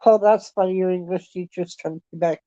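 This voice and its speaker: A Canadian woman in a casual chat, talking in a chatty, self-deprecating way and thinking out loud. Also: on the low side, steady tone, brisk, no echo. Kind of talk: casual chat with online viewers. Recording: dull lo-fi sound.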